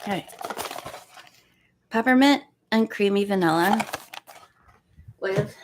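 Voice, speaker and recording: A woman's voice: mid-range voice, slow, background noise. A woman hosting a casual live stream, chatting in a rambling way and counting pages aloud. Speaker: live-stream host reading a book.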